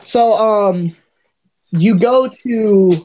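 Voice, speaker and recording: A man's voice: high-pitched, extremely slow, dark tone. A young man narrating a tabletop game as its dungeon master. He describes the scene casually and teases his players with blunt, curse-laced jabs. The recording sounds muffled and lo-fi. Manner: blunt, teasing, swears casually.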